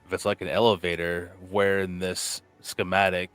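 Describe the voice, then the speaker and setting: A man's voice: deep voice, flat delivery, normal speed, a bit bright, clean tone, soft background music. A man playing a tabletop game, rambling casually as he thinks aloud about his character's next move, filling his speech with "like" and "okay.". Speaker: player.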